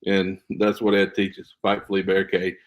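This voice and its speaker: Earnest man with a fairly low voice. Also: monotone, normal speed. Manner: earnest, emphatic explaining. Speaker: guest, school safety trainer. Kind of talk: casual podcast interview.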